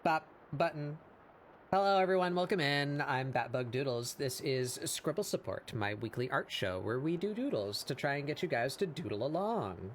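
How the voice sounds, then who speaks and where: A man hosting a casual art live stream, hoarse after hours of talking, rambling with fillers and laughs. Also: on the high side, animated, moderate pace, slight background noise. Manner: rambling and self-deprecating, with frequent fillers and laughs. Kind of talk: casual live-stream chat while drawing.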